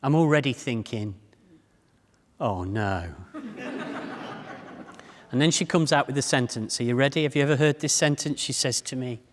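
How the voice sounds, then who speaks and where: A man in his fifties gives a public talk, telling funny stories and addressing the audience directly. His mid-range voice moves fast with few pauses, and the hall adds a long reverb.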